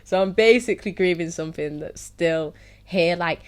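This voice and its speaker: Lowish and clean in tone, at a moderate pace, a young series host tells her story with candor. She repeatedly laughs through painful recollections and relies on "like" and "so, yeah."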